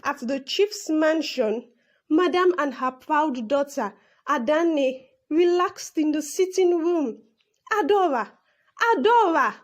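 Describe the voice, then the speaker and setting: A woman's voice: high voice, slow. A woman narrating a children's folk tale and shifting her voice for each character. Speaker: storyteller.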